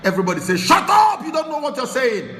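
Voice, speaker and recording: A Nigerian man delivers impassioned political commentary as a show host, dropping to low muttering and then rising into shouted tirades. His voice is bright and sharp, and it rings with a long reverb in a roomy space. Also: sing-song, very fast, a little hiss or hum.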